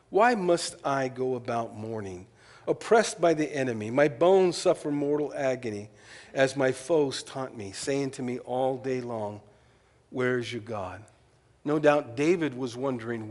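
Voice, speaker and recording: A man preaching a sermon as pastor, telling stories with lively quoted asides and shifting between loud and soft delivery. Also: medium pitch, big-room sound. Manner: storytelling, animated asides and quoted voices.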